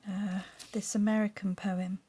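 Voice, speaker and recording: A middle-aged woman with a Surrey and Sussex English accent, talking softly and often half-whispering as she narrates a craft journal video and reads aloud. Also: mid-range voice, little pitch movement, a little slow, slightly rough. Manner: soft-spoken, often drifting into a half-whisper. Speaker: craft vlogger.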